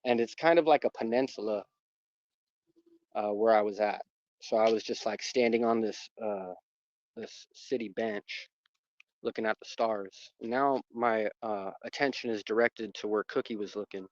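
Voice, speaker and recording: A man's voice: fairly low pitch, moderate pace, no room sound. Man, casual rambling storyteller, dry, lo-fi sound. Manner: rambling, lots of fillers and restarts. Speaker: dog owner telling a personal story. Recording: muffled dry recording.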